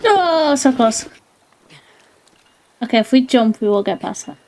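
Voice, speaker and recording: A woman streaming a video game, chatting casually, playful and quick to laugh. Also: fairly high pitch, animated, darkish tone. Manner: playful, laughs often, apologizes in mock panic. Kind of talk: casual gaming commentary.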